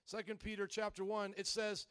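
High-voiced man preaching with fiery swings. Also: moderate pace, clean tone, no room sound. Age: adult, married. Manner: animated preaching, swings into shouting and mock voices. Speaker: pastor. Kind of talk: sermon.

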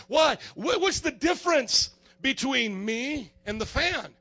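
A man preaching a lively sermon as pastor, acting out scenes with animated voices. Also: moderate pace, few pauses. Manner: animated preaching, acts out fans in high excited voices.

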